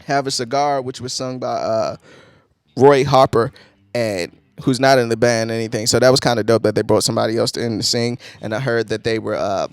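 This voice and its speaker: Male music reviewer, relaxed and profane, prone to excited laughing bursts; mid-pitched, dry recording. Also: fairly quick, smooth, no room sound. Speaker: album reviewer, channel host. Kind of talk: casual music review talk.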